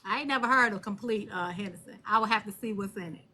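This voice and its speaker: A woman hosting a live stream and talking on her phone, blunt and animated, cursing freely. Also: medium pitch, quick pace, a little hiss or hum. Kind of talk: casual live stream chat.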